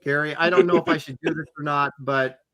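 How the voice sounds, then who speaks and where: A man's voice: a little high, fairly even intonation, brisk, a crowd in the background. A middle-aged man hosting a casual art livestream, reading donations and teasing the chat. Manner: playful, teasing, mock-reads comments aloud.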